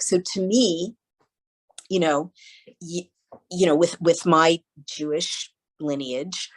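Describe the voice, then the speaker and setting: A woman guest in a casual interview, telling stories in an animated way and acting out the voices of people she quotes. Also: on the low side, slow, pauses often, rough recording. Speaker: podcast guest.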